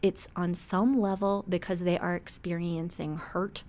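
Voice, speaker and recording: Lady therapist on her podcast, kinda low voice, lively, acts stuff out, keeps asking "okay?". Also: a little slow. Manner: animated, acts out everyday scenes; warm, conversational, with frequent "okay?" check-ins. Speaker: couples therapist and podcast host. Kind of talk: advice podcast talk.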